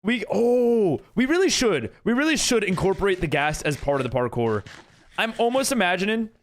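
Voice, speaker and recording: Lively high-voiced American man streaming. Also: moderate pace. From United States. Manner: chatty, reads and answers chat while building. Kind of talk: casual live-stream chat.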